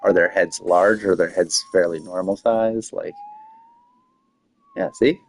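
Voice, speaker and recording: A man's voice: low voice, fairly even intonation, a little slow, slight background noise. A man chatting casually on a live stream, rambling with many fillers and frequent laughs.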